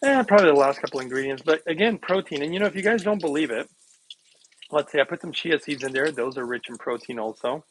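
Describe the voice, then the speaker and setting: A man hosting a wellness channel, rambling earnestly with many fillers while making a smoothie. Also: a little high, fast talker, a little hiss or hum, low-quality recording.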